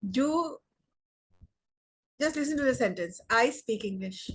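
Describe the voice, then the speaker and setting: A young Indian woman teaching an online English grammar lesson, slowly repeating words and sentences for emphasis. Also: a little high, animated, breathy edge.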